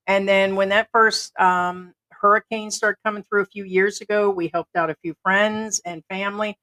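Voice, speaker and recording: A woman's voice: mid-range voice, fairly even intonation, moderate pace, bright, forceful tone, low-quality recording. Chatty woman livestream co-host. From United States. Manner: chatty storyteller, acts out quoted dialogue. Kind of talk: casual livestream chat.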